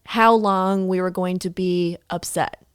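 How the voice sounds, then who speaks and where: A woman hosting a podcast, chatting casually and reacting with quick interjections and frequent laughter. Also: lowish voice, steady tone, clear, resonant tone, no room sound, studio quality. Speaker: podcast host. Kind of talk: casual chat.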